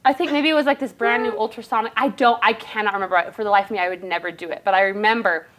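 A woman's voice: medium pitch, steady tone, rapid-fire, a bit bright. A woman co-hosting a talk show, chatting casually and laughing often as she tells stories. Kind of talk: casual chat.

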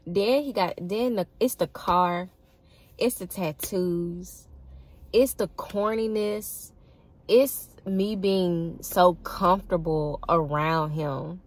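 Young woman, casual vlog storytelling, chatty, laughs a lot, slightly low voice. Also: slow pace, no room sound. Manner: chatty, laughs often, addresses viewers as y'all. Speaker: vlogger.

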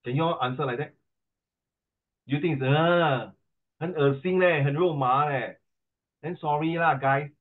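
A man's voice: fairly high pitch, a little slow, pauses often. Singaporean male tutor, tinny audio. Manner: switches between English and Mandarin, teasing and scolding students. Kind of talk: animated classroom lesson.

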